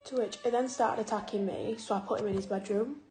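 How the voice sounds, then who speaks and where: Fairly quick but flat and tired, a single mother's medium-pitched voice calmly recounts events in a casual vlog. She's recording indoors at home, where the room echoes and faint noise can be heard.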